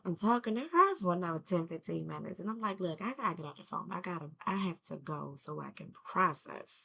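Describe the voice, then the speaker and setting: Grieving mom vlogging, low gravelly voice, slangy rambling talk. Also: female voice, lively intonation, a little fast, pushed and bright. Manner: casual slangy storytelling. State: grieving, emotional. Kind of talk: rambling personal video talk.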